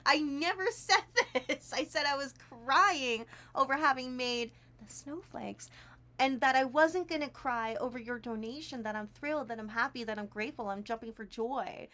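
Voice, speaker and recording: Woman streamer, high voice, chatty and giggly, gushing thanks, small home room. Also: moderate pace, bright, forceful tone. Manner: chatty, giggly and effusively grateful. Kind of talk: casual livestream chat while crafting. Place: tiny warm room at home.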